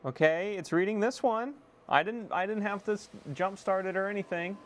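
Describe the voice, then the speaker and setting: A young man casually chatting to viewers on a live stream while repairing a console, excitable and swearing freely. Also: sits high, moderate pace. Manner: excitable, swears, self-deprecating laughs.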